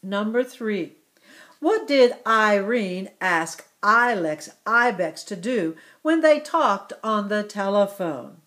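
A woman teaching young children, asking questions about a story and praising their answers in a slow, encouraging way. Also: mid-range voice, expressive, a bit bright. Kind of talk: story comprehension lesson for children.

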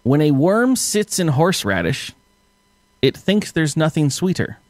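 A man's voice: a little high, very animated, measured pace, no room sound. A man hosting a casual podcast quiz game, joking loosely and laughing often. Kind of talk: casual chat.

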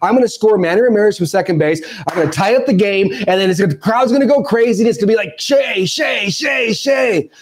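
A man in his forties tells a story on a podcast, his voice sitting high for a man. He's animated, rising and dropping a lot and acting out the shouts and asides he quotes. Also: very fast, few pauses. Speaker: podcast guest, former ballplayer. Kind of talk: storytelling interview.

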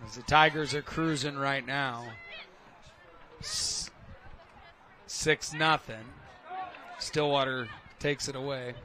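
A young man calling play-by-play at a school soccer game, steady with a dry, teasing side. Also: medium pitch, takes it slowly, long pauses, a little hiss or hum. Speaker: play-by-play commentator. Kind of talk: casual sports commentary.

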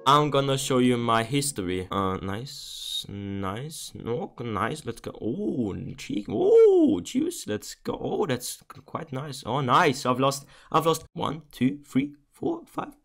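A young man streaming his gaming, talking casually to his viewers and turning from exasperated to amused and excited. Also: mid-range voice, takes it slowly, few pauses. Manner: excitable, exasperated, laughs a lot, talks to viewers. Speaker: gambling streamer.

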